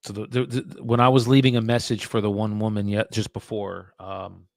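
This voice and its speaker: A man's voice: fairly low pitch, flat delivery, moderate pace, dry recording, clean studio sound. A man working as a real estate agent, making calls on a live stream and talking offhand asides to his viewers. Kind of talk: live-streamed cold calling with commentary.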